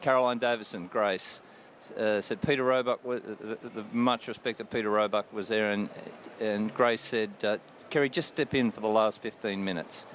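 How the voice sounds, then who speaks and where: A man's voice: on the low side, steady tone, moderate pace, slight background noise. A radio cricket commentator in his sixties, chatting casually on air and laughing often at his own stories. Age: 60s. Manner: chuckling, warm-hearted, laughs often.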